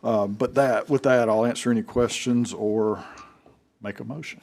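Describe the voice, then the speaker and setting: A man's voice: mid-range voice, fairly even intonation, moderate pace, darkish tone. A senator presenting his bill to a committee in a folksy, conversational way, with a joke to start. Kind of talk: explaining a bill at a hearing.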